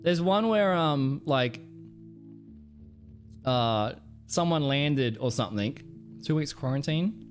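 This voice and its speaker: A man's voice: mid-range voice, expressive, slow pace, long pauses, soft background music. Rambling, swearing male streamer. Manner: rambling, swears often, laughs a lot. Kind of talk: casual live-stream reaction chat.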